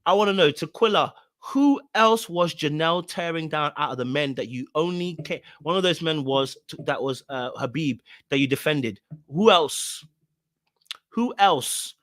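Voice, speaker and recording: A man commenting off the cuff in a fairly high voice, emphatic and blunt, leaning on slang and repetition. His sound is close and completely dry. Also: measured pace, fairly bright tone, no echo. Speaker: reaction commentator. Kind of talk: casual reaction commentary.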